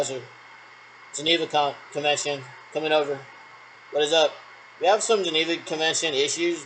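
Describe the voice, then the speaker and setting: A man's voice: fairly high pitch, fairly bright tone, a little hiss or hum, poor audio. A man rambling through make-believe radio checks in a solo role-play, leaning on the word "actually" again and again. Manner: rambling, repeats "actually" often. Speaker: vlogger doing pretend radio checks. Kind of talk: solo role-play talking to imagined callers.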